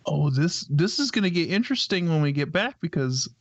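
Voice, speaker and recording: A man co-hosting a live paranormal stream, speaking in a relaxed, easygoing way. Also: a little high, a little fast, dry recording, highs cut off. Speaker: co-host. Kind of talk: casual live stream chat.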